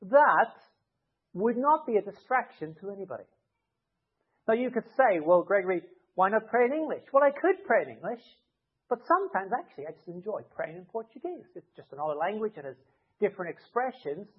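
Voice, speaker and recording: A man with a rather high voice preaches in a church, talking the congregation through his points with simple what-if examples. The sound is thin and boxy, as if heard down a phone line. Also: big pitch swings, fairly quick, husky. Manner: explains with everyday hypothetical scenarios. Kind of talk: conversational sermon. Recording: tinny narrow-band sound.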